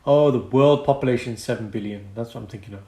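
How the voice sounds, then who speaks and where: Animated British man in an echoey room. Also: mid-range voice, quick pace. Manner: animated, laughs often, acts out quotes. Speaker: podcast co-host, doctor. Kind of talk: casual chat.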